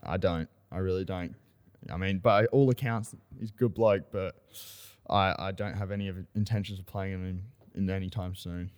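An Australian man co-hosting a casual podcast, telling club stories with animated banter. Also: low voice, moderate pace, clean tone, in a large hall. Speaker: podcast co-host. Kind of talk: casual chat.

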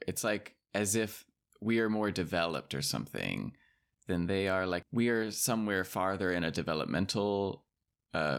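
A man co-hosting a casual conversation podcast, talking in a thoughtful, musing way with many hedges. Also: sits low. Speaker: podcast co-host.

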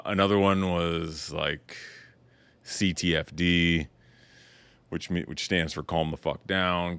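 Podcast host, male, middle-aged, deep and relaxed, dry booth sound, easygoing banter. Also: gravelly, clean tone, no room sound. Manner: laid-back, swears freely, laughs often. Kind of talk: casual chat.

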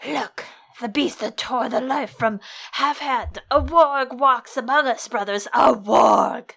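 A woman's voice: a little high, slow, gravelly, fairly bright tone, voice pushed up, exaggerated voice. A woman reading aloud as a blustering, red-faced older male lord, melodramatic and swinging from shrieks to a hiss. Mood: outraged. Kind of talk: dramatic reading aloud on a podcast.

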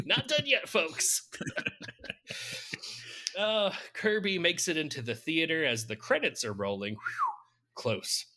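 A man recaps a film in loose podcast chat. His voice is bright and forward. He laughs often and keeps dropping dry jokes. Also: a little high, wildly swooping pitch, slow pace, long pauses. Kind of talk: casual chat.

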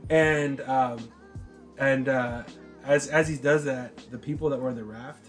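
A man in his forties telling a story in casual chat, profane and animated, often checking in with "right?". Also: medium pitch, a little slow, faint music behind.

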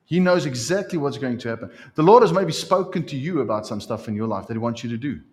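Animated male preacher. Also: mid-range voice, fast. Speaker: pastor. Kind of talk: sermon.

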